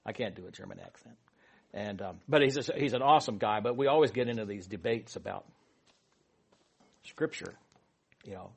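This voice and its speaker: A man's voice: fairly low pitch, normal speed, creaky, pauses often, breathy edge. A man leading a Bible study with a prayer, then teaching in a casual, rambling way with many asides and fillers.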